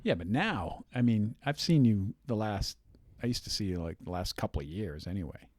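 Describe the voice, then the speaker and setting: A man's voice: lowish voice, expressive, normal speed, a little mellow, dry recording. A man chatting casually on a podcast, mostly giving short replies. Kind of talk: casual chat.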